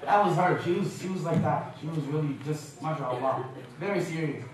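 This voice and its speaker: A man with a fairly high voice tells funny stories to an audience, lively and often laughing. His voice booms around a large, very echoey university hall, taken from well away from him, with a faint hum underneath. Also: a little fast, a crowd in the background. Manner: animated, joking and laughing often. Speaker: guest speaker. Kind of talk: humorous storytelling lecture. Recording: echoey lecture hall from far off.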